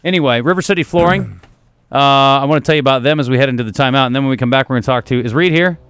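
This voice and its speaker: A man's voice: medium pitch, racing, a bit bright, clean tone, dry recording. A man hosting sports talk radio, sarcastic and teasing, who also reads the sponsor ads live.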